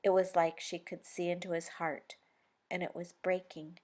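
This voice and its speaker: A woman author narrating her own novel as an audiobook, with expressive storytelling and lively emphasis. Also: on the low side, moderate pace.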